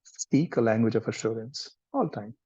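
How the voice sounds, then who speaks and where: Man, counseling trainer; gentle, explanatory delivery, warm husky tone. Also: medium pitch, moderate pace. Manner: gentle, explanatory, mixes in Hindi words. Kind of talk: explaining in a live workshop. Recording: dull lo-fi sound.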